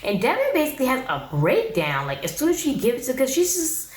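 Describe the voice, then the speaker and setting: A woman's voice: high-pitched, huge pitch swings, fairly quick, echoey room, a little hiss or hum, rough recording. A woman giving a casual, blunt, sassy recap of a reality show, talking straight to her viewers.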